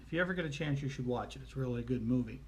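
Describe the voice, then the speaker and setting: A man telling family anecdotes in a casual, folksy way, with frequent pauses and fillers. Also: mid-range voice, darkish tone. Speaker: storyteller.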